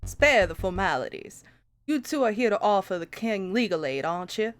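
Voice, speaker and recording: A woman's voice: mid-range voice, big pitch swings, moderate pace, faint music behind, close to an everyday voice. A woman voicing a stern, weary male prime minister in a visual novel, dry and formal. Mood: cynical. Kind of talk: voice acting a game with friends.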